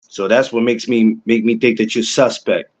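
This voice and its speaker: A young adult man, hosting a casual livestream podcast and talking to viewers in chat. He is excitable and repeats himself a lot. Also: on the low side, moderate pace, highs cut off. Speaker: podcast host.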